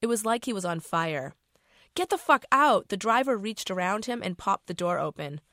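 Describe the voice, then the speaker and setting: A woman's voice: mid-range voice, lively intonation, a little fast, fairly bright tone, dry recording, clean studio sound. A middle-aged woman author reading her novel aloud in a casual, profane first-person voice.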